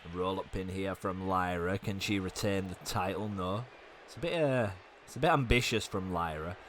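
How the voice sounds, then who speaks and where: A young man with a hoarse, fading voice, giving fast, chatty commentary on a wrestling video game. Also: deep voice, fairly bright tone, slight background noise. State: hoarse, losing his voice. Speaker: gaming YouTuber.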